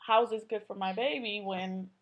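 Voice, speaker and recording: A woman's voice: medium pitch, fairly even intonation, normal speed, highs cut off. A young woman vlogging casually, telling a personal story in a chatty way, full of "like" and acted-out quotes. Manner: chatty, filler-heavy, acts out quotes.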